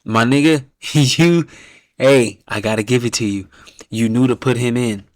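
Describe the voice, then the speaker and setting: A man hosting a casual reaction stream who rates viewers' team picks, talking bluntly and with lots of swearing, laughing often and dropping to a low mumble when he reads out names. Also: unhurried, dry recording, studio quality. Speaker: host reacting to viewers' fan-picked football teams.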